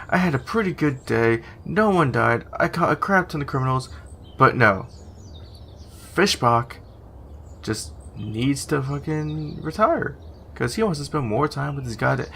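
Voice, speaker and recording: A man with a bright, sharp voice talks through a video game session in a casual, profane way. He reads the on-screen text aloud and drops sarcastic asides between the lines. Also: medium pitch, expressive, normal speed, gravelly. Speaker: gaming YouTuber. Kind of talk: casual gaming commentary.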